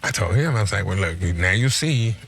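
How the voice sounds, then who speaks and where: A man's voice: on the low side, lively intonation, brisk, gravelly, a bit bright, slight background noise. A middle-aged man telling a story in a casual, slangy way, quoting himself and his friend as he goes. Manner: laid-back, slangy, quotes himself and his friend in conversation.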